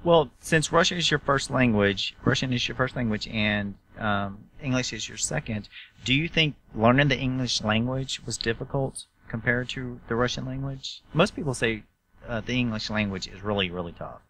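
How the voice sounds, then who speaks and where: A man with a Southern US accent hosts an interview in a bright, forceful voice. He talks in an enthusiastic, chatty way, rambling on between questions. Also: medium pitch, moderate pace, slight background noise. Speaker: host. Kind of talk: talk show interview.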